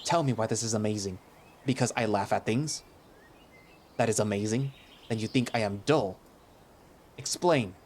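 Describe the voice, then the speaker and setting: A man's voice: fairly low pitch, normal speed, long pauses, darkish tone, a little hiss or hum, close to an everyday voice. A man voicing a touchy male hound warrior who speaks in short, blunt, oddly worded phrases. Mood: offended. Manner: brutishly direct, odd clipped phrasing.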